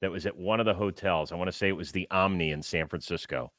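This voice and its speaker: A man's voice: low voice, fast talker, a bit bright, no room sound, studio quality. A middle-aged man hosting a casual baseball talk show, chatty and jokey as he talks to his co-host and viewers.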